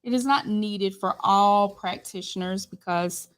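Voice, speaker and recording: A woman, an educator with a doctorate, chatting casually as a co-host, joking and chiming in with quick remarks. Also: medium pitch. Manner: quick interjections, playful joking. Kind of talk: casual conversational chat.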